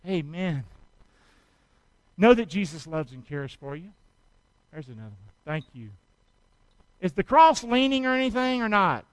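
A man's voice: high voice, very animated, unhurried, pauses often, clear, resonant tone, rough recording. A man preaching a sermon in church, exhorting and calling on the congregation to answer back while he works through a demonstration. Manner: exhorting, calls for congregation response; out of breath from effort. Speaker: pastor.

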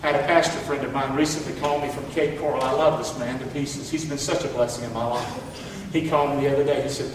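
This pastor speaks quickly in a steady, mid-range voice, leading his congregation in call-and-response as he preaches. The recording picks him up from afar in an echoey church hall, with background noise.

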